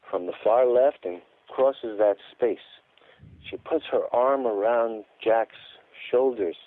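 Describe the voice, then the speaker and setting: Calling in to a radio interview, a man with a mid-range voice tells his account emphatically, repeating words for stress. The tinny phone line carries no echo.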